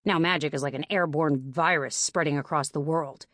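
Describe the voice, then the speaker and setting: A woman reading an audiobook, voicing a tired man in his mid-thirties who talks in a ragged, breathy way. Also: a little high, fairly even intonation, normal speed, fairly bright tone, no room sound, clean studio sound, lightly acted.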